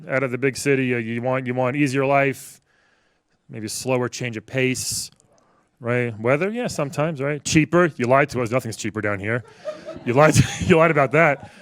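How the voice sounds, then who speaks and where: A man's voice: mid-range voice, expressive, normal speed, fairly bright tone, no room sound, clean studio sound. A man in his forties from New York doing a stand-up set, wry and conversational, riffing with the crowd. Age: 40s. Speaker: stand-up comedian. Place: comedy club stage with a live audience.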